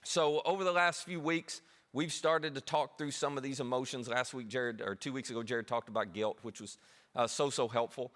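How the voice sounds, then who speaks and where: A man's voice: mid-range voice, fairly even intonation, normal speed, a bit bright. A man preaching a sermon as pastor, talking conversationally and poking fun at himself. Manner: conversational, self-deprecating.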